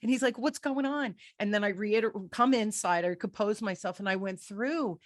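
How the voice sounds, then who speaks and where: A middle-aged woman hosting an interview, telling a personal story in a candid, energetic way. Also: mid-range voice, a little fast, dry recording, clean studio sound. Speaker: podcast host.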